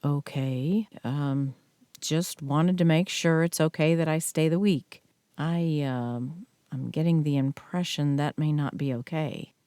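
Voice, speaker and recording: A woman's voice: deep voice, mellow, smooth, no echo. A woman voicing a nervous, hesitant young ex-husband who stumbles over his words, in a storybook reading. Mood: awkward. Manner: hesitant, halting.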